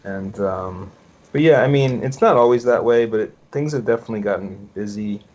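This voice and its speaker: Very low-voiced laid-back man. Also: fairly quick, a little mellow. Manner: laid-back, dry joking. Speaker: podcast co-host. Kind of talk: casual podcast chat. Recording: dull, muffled sound.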